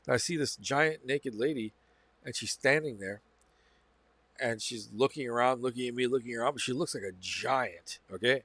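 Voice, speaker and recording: A man's voice: mid-range voice, normal speed, pushed and bright, no room sound. Man telling a rambling personal story. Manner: rambling, repeats phrases, self-corrects. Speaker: channel host. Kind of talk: casual first-person storytelling.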